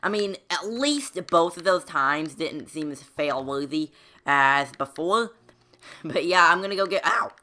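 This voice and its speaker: A chatty woman narrating her own game playthrough, rambling and thinking aloud with sudden yelps. Her voice sits fairly low for a woman but stays bright and edgy. It swoops up and down all the time. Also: expressive, measured pace. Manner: chatty, rambling, talks to herself while playing. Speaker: gaming channel host. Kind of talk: Minecraft let's play commentary.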